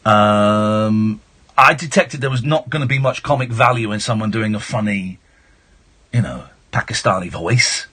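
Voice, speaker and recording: A middle-aged man hosting a late-night phone-in radio show, switching from shouty mock outrage to soft reflection. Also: fairly low pitch, moderate pace, breathy edge. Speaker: radio talk show host.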